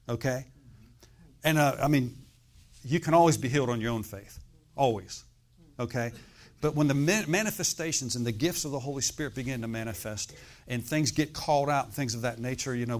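A middle-aged pastor gives a loosely structured, conversational sermon, pausing between points to ask listeners "okay?" or "amen?". His voice sits at a normal middle pitch for a man.

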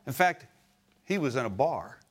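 Middle-aged male preacher, anecdotal sermon delivery, bursts of emphasis, mid-pitched voice. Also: big pitch swings, moderate pace, slightly rough. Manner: storytelling, rising to emphatic exclamations.

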